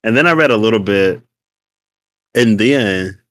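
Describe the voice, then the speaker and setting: A man's voice: fairly low pitch, measured pace, no echo. Playful man in casual chat, dry close sound. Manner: animated, playful, laughs often. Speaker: podcast co-host.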